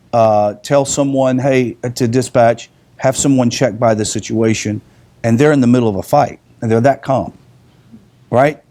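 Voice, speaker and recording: A middle-aged man giving a relaxed, conversational lesson to a class, often restarting his sentences and stopping on fillers. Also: medium pitch. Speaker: teacher.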